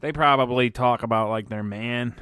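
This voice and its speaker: A man's voice: mid-range voice, normal speed, fairly bright tone, clean tone, dry recording, studio quality. A man co-hosting a casual podcast chat, teasing his co-host and narrating what she does.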